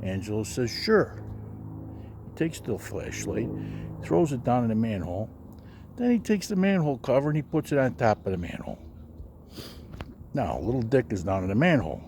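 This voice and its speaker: A man spinning a story in a lively, swooping voice that leaps up whenever he quotes someone. His pitch sits in an ordinary middle range. A faint hiss of noise sits under the recording. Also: fairly quick. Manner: animated, raising his voice high for quoted characters. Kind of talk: casual anecdote telling.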